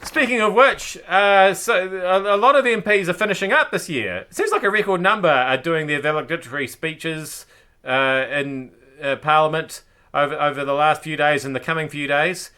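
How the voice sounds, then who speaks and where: A man with a New Zealand accent hosting a comedic news commentary show, sarcastic and playful, with sudden high-pitched outbursts. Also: normal speed, sharp tone, clean tone. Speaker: host.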